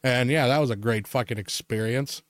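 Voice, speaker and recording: A young man in a casual podcast chat, swearing freely and laughing as he tells his stories. His voice sits at an ordinary pitch. The recording is close and dry. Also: normal speed, no echo. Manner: swears a lot, laughs often, animated storytelling. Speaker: podcast co-host.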